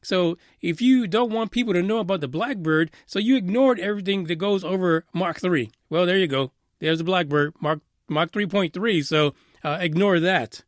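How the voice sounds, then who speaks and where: A man's voice: high-pitched, moderate pace, hardly any pauses, dry recording. Ranting sarcastic man, dry close mic. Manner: frequent "uh" fillers. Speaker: radio news show host. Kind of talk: casual commentary.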